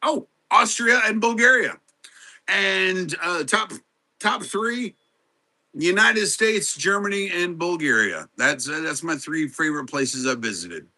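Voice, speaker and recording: A man's voice: high voice, expressive, a little slow, pushed and bright. A middle-aged man hosting a casual live stream. He chats with viewers, greets them by name and answers their questions. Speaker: livestream host.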